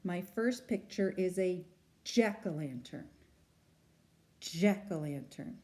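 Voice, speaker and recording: A woman's voice: lowish voice, slow pace, mellow. A woman teacher leading a phonics lesson for young children, patiently sounding out letters and words. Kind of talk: early-learning phonics lesson.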